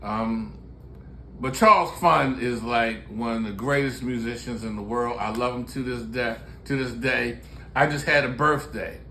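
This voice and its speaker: A man in his sixties from Baltimore talks in casual chat. He tells his stories candidly and jokes and laughs often. His voice is bright and forward, with a faint hiss of noise behind it. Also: mid-range voice, a little slow. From Baltimore, USA. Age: 60s. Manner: laughing, storytelling, candid and joking. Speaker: musician and show host.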